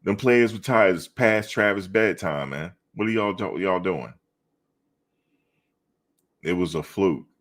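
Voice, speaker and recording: A middle-aged man hosting a casual live sports chat, bantering with viewers in an animated, slangy, repetitive way. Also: low voice, unhurried, pauses often. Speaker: live show host reading chat.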